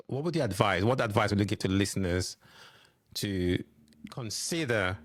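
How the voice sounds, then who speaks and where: A man's voice: on the low side, dry recording, studio quality. A man hosting a podcast, asking questions and encouraging his guest with short affirmations. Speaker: podcast host. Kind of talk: conversational interview.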